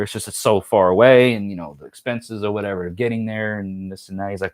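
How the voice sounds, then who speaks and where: A man's voice: fairly low pitch, fairly even intonation, quick pace. Chatty man rambling on a live stream. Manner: rambling, chatty storytelling with many fillers and restarts. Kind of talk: casual live-stream chat.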